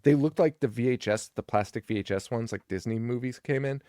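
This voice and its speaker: A man's voice: medium pitch, fairly quick, dark tone, no room sound, studio quality. A young man co-hosting a horror movie podcast in casual chat, recapping scenes with profanity and acting out the characters' lines. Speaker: podcast co-host.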